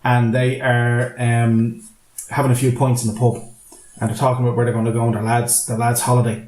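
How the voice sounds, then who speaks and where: A man's voice: mid-range voice, level tone, a little fast, a little mellow, roomy sound. A man co-hosting a casual movie podcast, telling a long film plot in a rambling way and swearing freely. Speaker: podcast co-host.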